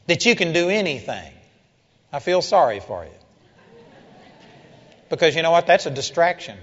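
A man preaching a sermon to a congregation and telling a story, building to loud, emphatic peaks. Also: fairly high pitch, very animated, moderate pace, pauses often. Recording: dull, echoey hall recording.

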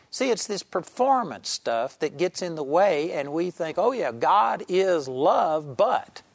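A man's voice: a little high, vocal fry, no echo. A man preaching a televised sermon, telling a story earnestly and with emphasis, acting out the people in it.

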